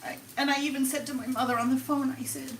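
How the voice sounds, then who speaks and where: A woman vlogger telling a personal story on a live stream in an emotional, rambling, halting way. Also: sits high, fairly even intonation, noisy background. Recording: echoey, from far off the mic.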